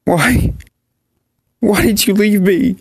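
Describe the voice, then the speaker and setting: A terrified young male pup in a spoken horror story, his voice pushed high and strained with tears, as a male narrator puts him on. He cries out in desperate pleading bursts, pitched well above the narrator's own voice. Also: slow, vocal fry, breathy edge, exaggerated voice. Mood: panicked sobbing.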